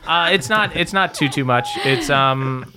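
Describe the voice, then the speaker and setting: A man narrates a tabletop game as game master. He talks in a relaxed, filler-heavy way at a middling pitch. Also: unhurried, background noise.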